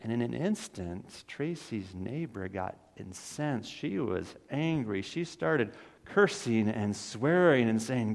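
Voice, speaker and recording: A man's voice: mid-range voice, lively intonation, slow, creaky, few pauses. A man preaching a sermon in a church, telling a story and building to emphatic peaks. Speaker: pastor. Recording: reverberant hall.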